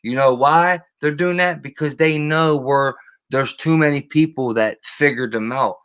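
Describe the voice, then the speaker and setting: A man's voice: fairly high pitch, unhurried, a bit bright, smooth. Profane, rambling male live streamer. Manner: profane, rambling, greets chatters by name. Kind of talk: casual live stream rant.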